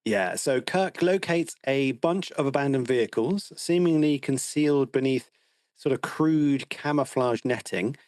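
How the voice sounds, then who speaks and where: A man's voice: medium pitch, unhurried, darkish tone, dry recording. A man co-hosting a film podcast, recapping the plot in a wry, teasing way. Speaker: podcast co-host. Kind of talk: casual film discussion.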